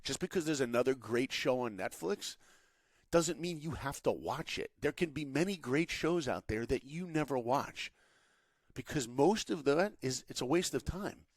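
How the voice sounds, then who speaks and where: Animated male motivational storyteller. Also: medium pitch, moderate pace, no room sound, studio quality. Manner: animated, acts out quotes. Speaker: podcast guest, animation director.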